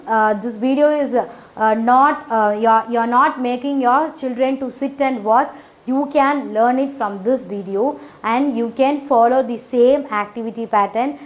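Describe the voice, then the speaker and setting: Woman, phonics teacher, slightly high voice, casual explaining, many fillers, non-native grammar. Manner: frequent fillers, repeats "okay" and "isn't it".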